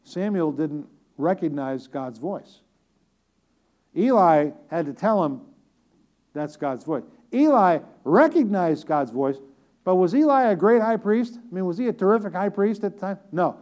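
A man's voice: high voice, lively intonation, a little slow, darkish tone. A man preaching a conversational sermon, talking directly to the congregation with repeated phrases and joking asides.

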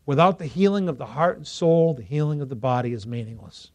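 A male pastor preaching a sermon to a congregation, lively and joking with them, rising to loud emphasis. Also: medium pitch, a little fast. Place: church before a congregation.

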